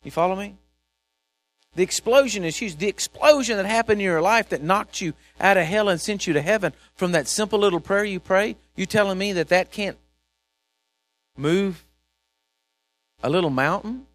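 Fired-up male preacher, high voice, repeats himself, big swings in volume, dry recording. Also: normal speed, long pauses, no room sound. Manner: animated, repetitive, swings from shouting to quiet asides. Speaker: pastor. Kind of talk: sermon.

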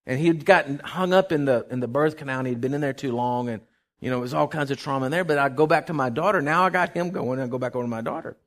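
An older man tells a personal story of faith. His voice is mid-pitched and his talk rambles with fillers. He swings from hushed, choked-up moments to loud, fervent declarations. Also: fast talker. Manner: emotional, swings from hushed to shouting. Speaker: testimony speaker.

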